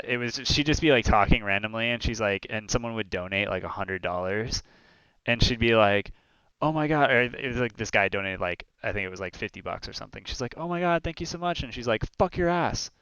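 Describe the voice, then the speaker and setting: Young guy rambling on a stream, gravelly, bright and clear, dry close sound. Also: fairly low pitch, no echo. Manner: rambling, animated storytelling with many fillers. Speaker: co-host of a streamed talk show. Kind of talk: casual chat.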